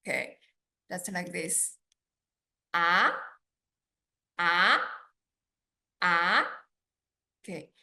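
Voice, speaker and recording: A woman with a Chinese accent teaching a beginner lesson, patient and deliberate, drawing out sounds to demonstrate them. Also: fairly high pitch, fairly bright tone.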